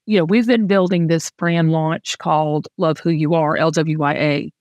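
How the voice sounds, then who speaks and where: A woman's voice: low voice, fairly even intonation, moderate pace, darkish tone, no room sound, highs cut off. Heartfelt Southern woman, dry close sound. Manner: emotional and heartfelt, with frequent restarts. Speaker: host. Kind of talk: candid casual chat.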